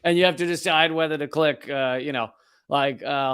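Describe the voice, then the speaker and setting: A male comedy host delivering a news monologue in a sarcastic, profane voice. His voice is a bit higher than most men's, and he rambles, restarts and trails off as he riffs. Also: moderate pace, a bit bright, clear, resonant tone.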